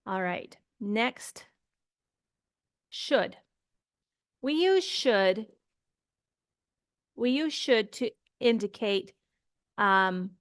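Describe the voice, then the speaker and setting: Woman, English teacher, grammar lesson, very slow pace, patient, repeats examples, dry sound. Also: mid-range voice, no echo. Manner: slow, patient, demonstrates pronunciation by repeating phrases.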